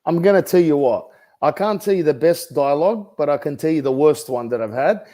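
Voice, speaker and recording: A middle-aged man with an Australian accent, talking in a deadpan, rambling, mock-serious way as a comedic real estate agent in an interview. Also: fairly high pitch, fairly quick.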